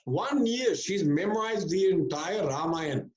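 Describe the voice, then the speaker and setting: A man speaking as a swami, giving a spiritual discourse and telling stories with lively acted-out voices. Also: high-pitched, unhurried. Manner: lively storyteller who acts out people's voices. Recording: roomy, dull lecture recording.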